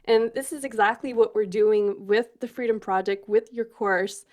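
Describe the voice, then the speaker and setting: A woman hosting a casual interview podcast, talking through her own past in a thoughtful, searching way. Her voice sits at an ordinary middle pitch. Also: steady tone, normal speed. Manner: reflective, with many fillers and restarts. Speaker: podcast host.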